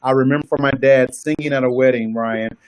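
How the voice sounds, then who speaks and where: A man's voice: mid-range voice, fairly even intonation, a little fast, darkish tone. A man with a Southern US accent, a married guest giving earnest, testimonial advice in a casual church talk. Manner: earnest, testimonial, laughs easily.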